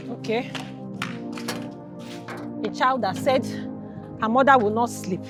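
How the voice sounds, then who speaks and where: A wicked aunt with a Nigerian accent, scolding and mocking in a high voice that swoops all over. Soft film music plays underneath. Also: female voice. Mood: gloating. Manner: scolding, mocking, switching into Igbo. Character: wicked scheming aunt, middle-aged woman.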